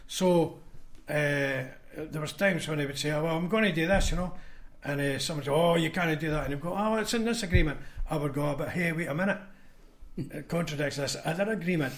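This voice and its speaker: A man's voice: fairly high pitch, a bit bright. A Scottish man, a former union convener, telling blunt anecdotes in a casual podcast chat and acting out what others said. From Scotland. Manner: anecdotal, blunt, acts out quoted voices.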